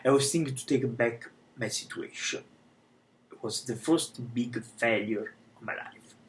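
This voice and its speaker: A man telling a dramatic personal story live in broken non-native English, often dropping to a hushed whisper. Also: medium pitch, unhurried, rough recording. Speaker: life coach telling his story.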